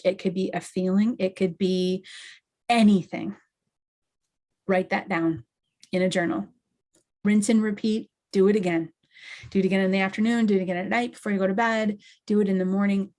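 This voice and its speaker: Woman, podcast host, measured teaching delivery, mid-pitched voice, calm step-by-step instruction. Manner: slow, deliberate, emphatic instruction. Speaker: podcast host and intuitive medium. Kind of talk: guided teaching monologue.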